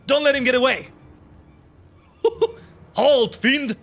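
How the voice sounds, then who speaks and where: A man voicing a flamboyant, grandiose male gentleman inspector from a video game, declaiming theatrically. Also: very high voice, slow pace, pitched above the performer's own voice, exaggerated voice. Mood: heroic.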